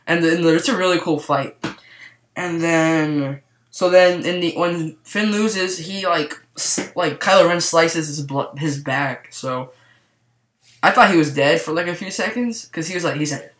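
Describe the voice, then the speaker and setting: Dude rambling thru a movie review, super excitable, says like a ton, echoey room. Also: male voice, a little high, a little slow. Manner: rambling, excitable, heavy use of "like". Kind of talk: casual spoiler review to camera. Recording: roomy echo.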